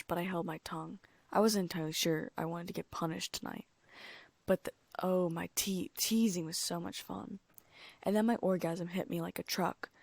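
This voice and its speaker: A woman narrates a first-person audiobook with a gravelly, fairly low voice. She is breathy and often sinks into a whisper. The recording is dry and close. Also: darkish tone, no echo.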